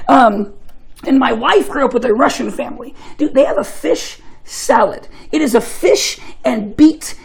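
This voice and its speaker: A man's voice: extremely high pitch, measured pace, vocal fry, husky, rough recording. A young man giving a casual, joking sermon, telling chatty stories and often laughing. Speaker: preacher.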